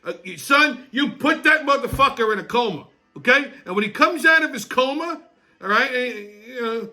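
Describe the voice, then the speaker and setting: A man's voice: extremely high pitch, lively intonation, normal speed, bright, forceful tone, faint music behind. A man hosting a comedy show, delivering a crude, brash rant full of swearing and mock outrage. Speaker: show host.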